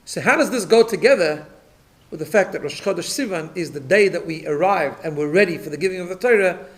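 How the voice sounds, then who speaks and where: Rabbi giving a Torah class, fairly high voice, explains patiently, repeats words on restarts. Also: male voice, expressive, fairly quick. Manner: explanatory, checks in with listeners. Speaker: rabbi teaching a weekly class.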